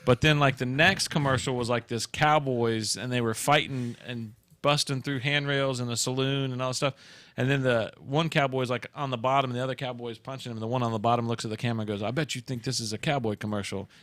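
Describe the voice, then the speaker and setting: A man hosting a casual talk show, telling stories with quick jumps into high character voices. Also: steady tone, fairly bright tone, no room sound. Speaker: host. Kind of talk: casual chat.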